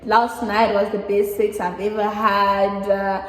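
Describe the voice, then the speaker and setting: A woman's voice: medium pitch, little pitch movement, a little slow. A woman from Africa, animatedly telling a personal story as a guest and laughing as she talks. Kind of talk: casual storytime chat. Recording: echoey room with long reverb and faint background noise.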